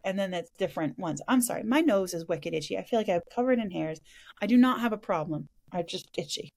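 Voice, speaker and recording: A woman's voice: fairly low pitch, animated, quick pace, darkish tone. A woman hosting a casual spiritual podcast, talking frankly, swearing now and then and laughing easily. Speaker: podcast host.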